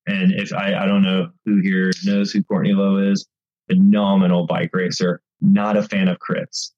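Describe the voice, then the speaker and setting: A man telling casual stories about bike racing, acting out rider chatter with lively energy. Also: deep voice, normal speed, lo-fi sound. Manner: animated, acts out race chatter. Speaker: bike racing guest commentator. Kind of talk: casual storytelling.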